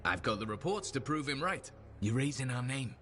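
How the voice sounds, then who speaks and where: Friendly, chatty colleague with a proud streak in a game, voiced by a man; mid-pitched, easy tone. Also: animated, a little fast, over music, lightly acted. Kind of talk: video game dialogue.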